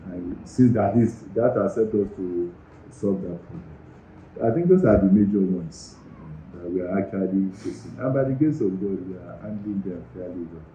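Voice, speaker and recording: A middle-aged university medical director with a Nigerian accent answers interview questions earnestly and emphatically in an office. His voice sits low and warm at a normal speed, and the recording is roomy and slightly dull, with a little background noise.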